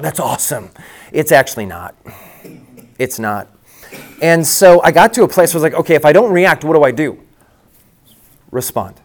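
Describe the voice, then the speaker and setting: A middle-aged man, a lead pastor, telling his own story in a conference breakout session, candid and conversational, often restarting his sentences. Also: medium pitch.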